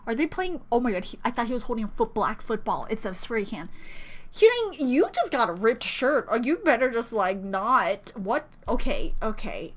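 A woman hosting a fan reaction video, gasping, squealing and repeating words in excited disbelief. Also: fairly high pitch, normal speed.

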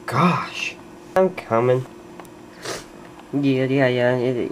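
A woman's voice: rumbling low, extremely slow, slight background noise, voice pushed down, heavily acted. A woman voicing a lazy, mouthy young male duck who grumbles offhand replies. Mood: grumbling.

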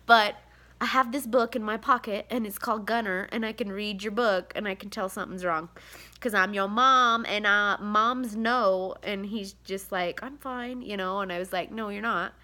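This confessional vlog features a tired, near-tearful woman in her thirties who has seven children, rambling to the camera with plenty of fillers and sighs. She speaks at a normal speed in a mid-range, sharp voice with fairly even intonation.

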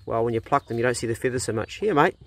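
A man's voice: medium pitch, flat delivery, rapid-fire. A middle-aged man, chatting casually outdoors on his farm and coaxing his dogs and ducks. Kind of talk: casual farm vlog talk.

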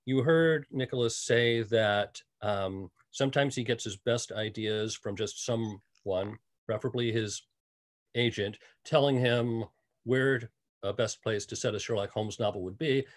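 Man, interview host, relaxed delivery, reads audience questions. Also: mid-range voice, measured pace. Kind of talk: hosting an online interview.

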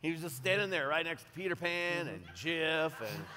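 A man playing the goofy partner in a comedic sermon skit on a conference stage, animated and quick to slip into silly voices. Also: fairly high pitch, a little hiss or hum. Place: large conference hall stage. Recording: live hall reverb.

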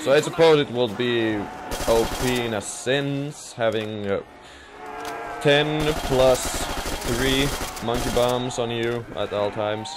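A man's voice: medium pitch, takes it slowly. A young man from Finland giving rambling, jokey commentary over his game. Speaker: gaming commentator. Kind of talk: casual gameplay commentary. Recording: noisy game audio behind.

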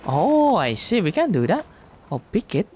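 A woman's voice: on the low side, wildly swooping pitch, moderate pace, dark tone, slight background noise. A woman gaming streamer with an Indonesian accent, nervously swearing through a horror game playthrough. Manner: nervous, swearing, mixing English and slang.

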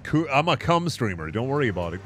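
A man doing casual game-stream commentary, ranting and cursing with mock outrage. His voice jumps around animatedly in pitch, and faint game music plays behind him. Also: very animated, fast, fairly bright tone.

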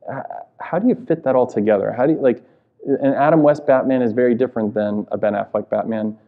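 A man's voice: mid-range voice, quick pace, narrow, tinny audio. A male priest hosting an interview. He asks casual questions and keeps affirming with short "mm-hmm"s and "right"s.

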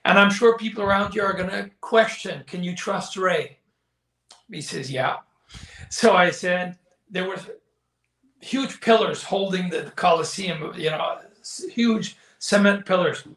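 A man's voice: high-pitched, measured pace, a bit bright. An older man, a former wrestling commentator, telling stories in a candid interview, acting out quoted dialogue and often saying "you know.". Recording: echoey room.

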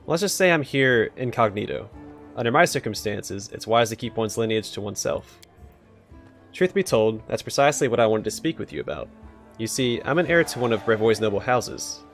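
A man reading aloud the lines of a smooth, self-assured young nobleman from a game, at a mild, slightly lifted tone. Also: medium pitch, expressive, a little fast, faint music behind, close to an everyday voice. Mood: persuasive.

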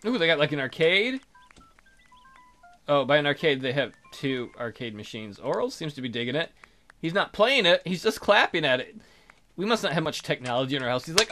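A man's voice: fairly high pitch, sing-song, a little fast, bright, forceful tone, soft background music. A man hosting a let's play, chatting casually and joking crudely about his game characters.

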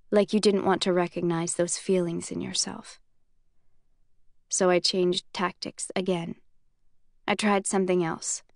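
A woman voicing a self-assured young male commander in an audiobook reading, speaking in a calm, amused drawl. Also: on the low side, dry recording, studio quality. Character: young man, cool, teasing, self-assured military commander.

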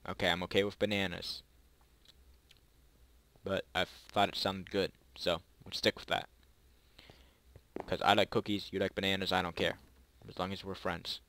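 A young man, maybe a teenager, giving chatty, rambling gameplay commentary to his viewers, with excited yelps and pleading during close calls. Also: sits low, normal speed, pauses often, dry recording. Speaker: gaming YouTuber.

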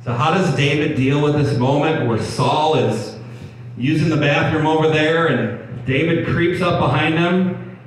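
A man's voice: a little high, unhurried. Male preacher, conversational sermon delivery with restarts, picked up from afar with faint hum. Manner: conversational preaching with frequent restarts and repeated words. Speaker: pastor. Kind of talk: sermon reading and explaining scripture. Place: church hall. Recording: echoey room, mic at a distance, faint background hum.

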